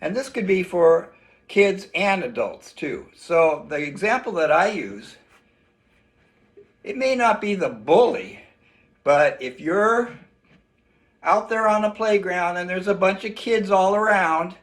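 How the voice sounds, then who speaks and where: A man teaching a children's self-defense lesson in an animated way, acting out shouts for the kids. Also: high-pitched, slow pace.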